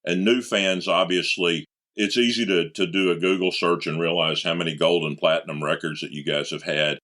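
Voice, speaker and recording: Really low-voiced guy hosting an interview, eager questions. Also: steady tone, moderate pace, fairly bright tone. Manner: enthusiastic, prepared questions. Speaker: interview host.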